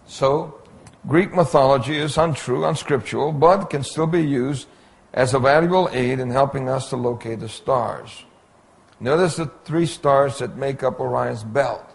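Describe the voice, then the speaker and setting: Man, Bible lecture, slow, gravelly, deliberate, pointing at slides. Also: medium pitch. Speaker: Bible teacher.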